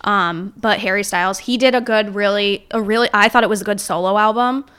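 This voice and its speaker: A woman's voice: mid-range voice, fairly even intonation, brisk, fairly bright tone, clear, resonant tone. A woman chatting casually as a podcast guest, candid and blunt, with mocking asides. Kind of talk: casual chat.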